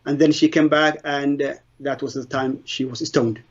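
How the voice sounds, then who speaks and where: Halting middle-aged man. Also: medium pitch, flat delivery. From Somalia. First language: Somali. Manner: halting, earnest storytelling with broken English grammar. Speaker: interviewee giving a testimony. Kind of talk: personal conversion testimony. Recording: dull lo-fi sound.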